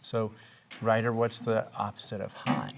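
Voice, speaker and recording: A woman with a strikingly deep voice and a gravelly edge leads young children through a reading lesson. She is patient and encouraging, and she keeps drawing answers out with steady questions. A faint hiss sits under the recording. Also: a little slow. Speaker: reading teacher.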